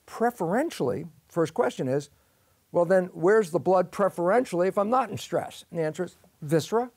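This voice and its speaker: A man in an interview explains biology in a lively way, acting out both sides of the questions and answers himself. His voice sits a little high for a man. The sound is dry and close, with no room echo. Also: fairly quick. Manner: lively, acts out both sides of imagined dialogues. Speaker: guest scientist.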